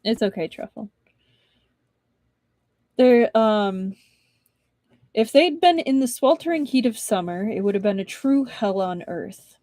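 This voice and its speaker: A woman's voice: mid-range voice, expressive, measured pace, pauses often, dark tone, no room sound. A young woman reading a novel aloud on a live stream, breaking off for chatty asides to her viewers. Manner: chatty asides between narration.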